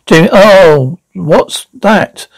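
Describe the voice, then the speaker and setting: A man's voice: sits high, drawn-out words, creaky, slightly rough, no echo, heavily acted, low-quality recording. Guy doing a nervous young lad, stammers a lot, dry sound. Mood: anxious. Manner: stammering, anxious.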